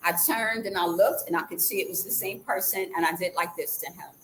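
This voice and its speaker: A woman vlogger telling a personal story in a casual way, acting out the quoted dialogue with lively changes of voice. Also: fairly low pitch, brisk, slight background noise, rough recording. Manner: animated, acts out the quoted dialogue.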